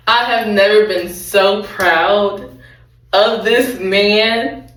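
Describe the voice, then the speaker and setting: Young woman, casual show recap, rambling and chatty, mid pitch, roomy echo, distant from the mic. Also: fairly bright tone. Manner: rambling, chatty, self-correcting, laughing asides.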